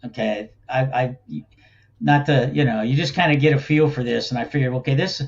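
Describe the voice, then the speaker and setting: A man's voice: mid-range voice, a little fast, muffled recording. Folksy rambling man on a call. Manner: rambling, laughs often, folksy. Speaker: guest, think tank cofounder. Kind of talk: casual interview talk.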